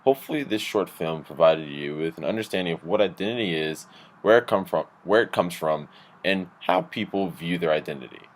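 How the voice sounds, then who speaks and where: A man delivering measured, explanatory scripted narration for a short film. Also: sits low.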